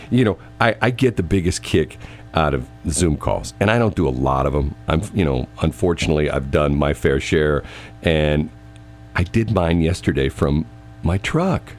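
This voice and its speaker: A man co-hosting a casual talk show, animated and laughing, his voice leaping up when he is incredulous. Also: rumbling low, moderate pace, a little hiss or hum. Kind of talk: casual banter.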